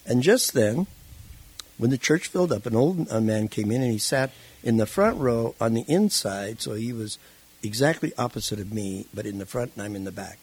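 A man being interviewed who tells his life story in a casual, animated way and acts out the voices in it. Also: medium pitch, moderate pace, slightly rough, low-quality recording. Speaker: interview guest.

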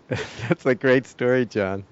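A man's voice: mid-range voice, takes it slowly, clear, resonant tone, dull audio. A man interviewing an author, introducing him and asking him to share another story. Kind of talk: casual interview.

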